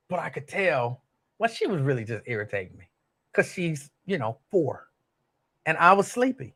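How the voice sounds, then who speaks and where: An older man hosts a casual solo show and rambles into a family story. He speaks in a somewhat high voice, and his pitch swings widely as he talks. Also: very animated, moderate pace, a bit bright. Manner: rambling, storytelling, laughs easily, Southern US Black vernacular. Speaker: host.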